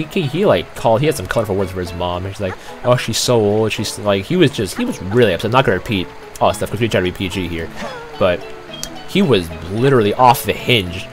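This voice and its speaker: A young Canadian man hosting a let's play, telling rambling stories in casual, laid-back commentary. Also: on the low side.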